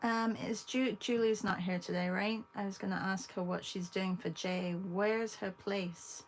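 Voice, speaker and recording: A woman with an English accent, hosting an art livestream, chatting casually with viewers while she paints and pausing often. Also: medium pitch, steady tone, a little hiss or hum. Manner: chatty, talks to viewers between long pauses.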